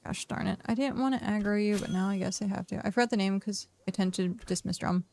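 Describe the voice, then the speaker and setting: Young adult woman, game streamer, tired and rambling casual chat, gravelly fry in a mid-height voice. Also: medium pitch, quick pace, darkish tone. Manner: rambling, talks to herself and chat. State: tired, yawning. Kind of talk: casual live-stream chat while playing.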